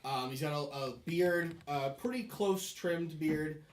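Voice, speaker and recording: Hesitant game master man, slightly high voice, echoey room. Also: a little slow. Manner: hesitant, full of fillers like "um" and "like". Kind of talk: narrating a tabletop game.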